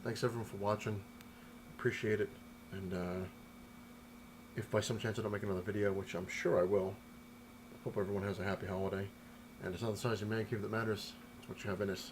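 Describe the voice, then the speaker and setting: A man with a fairly low voice rambles through a home vlog from his apartment. He speaks loosely and chattily, repeating himself as he goes. A faint hiss sits under the recording. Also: steady tone, fast talker, pauses often. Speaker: collector vlogger showing his haul. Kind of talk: casual rambling vlog talk.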